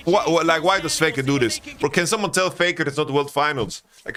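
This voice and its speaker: A man streaming a live esports watch-along, commenting excitably and breaking into loud exasperated rants. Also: on the high side, a little fast, few pauses. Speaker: streamer co-casting a match.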